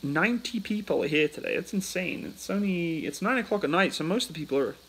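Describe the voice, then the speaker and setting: A man's voice: high voice, expressive, fast, a bit bright, slight background noise, poor audio. A British man hosting a casual livestream. He reads out viewer questions and answers them in a chatty way, into a phone. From United Kingdom. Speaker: livestream host.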